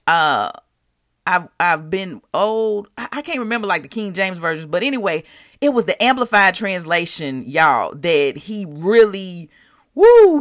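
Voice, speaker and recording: A woman hosting a podcast in a casual, animated faith talk, speaking straight to her listeners and laughing often. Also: lowish voice, no echo, clean studio sound. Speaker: podcast host.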